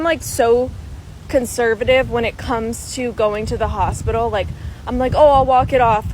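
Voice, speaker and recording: Pregnant young woman vlogger, swears casually, voice a touch high, faint street noise behind. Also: poor audio. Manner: chatty, expressive, swears casually. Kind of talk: casual storytime vlog.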